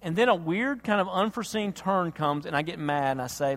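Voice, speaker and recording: Pastor preaching, high-pitched man, impassioned with hushed turns, long hall echo. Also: expressive, fairly quick. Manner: impassioned, swings from loud emphasis to hushed tenderness. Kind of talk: sermon.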